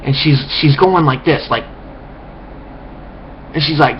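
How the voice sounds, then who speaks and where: A man's voice: fairly high pitch, takes it slowly, fairly bright tone. A man in a rambling, contemptuous rant to camera, full of restarts and swearing. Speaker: vlogger. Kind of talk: ranting monologue. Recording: dull lo-fi recording with faint hiss.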